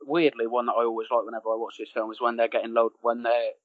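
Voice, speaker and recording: A man's voice: mid-range voice, completely flat delivery, fast talker, dry recording. Male podcast co-host, giggly recapper, dull lo-fi audio. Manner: laughs while retelling scenes. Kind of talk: casual film chat.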